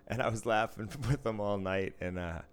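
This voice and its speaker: A man with a very low voice chats casually. He rambles, swears freely and breaks into laughter as he tells his stories. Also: unhurried, clear, resonant tone. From Boston area, US. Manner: profane, rambling, laughs a lot. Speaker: podcast co-host, casino dealer. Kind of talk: casual chat.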